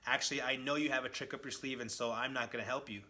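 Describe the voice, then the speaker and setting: A man's voice: medium pitch, steady tone, fast talker, bright, forceful tone, close to an everyday voice. A man muttering as a resentful imprisoned cosmic being.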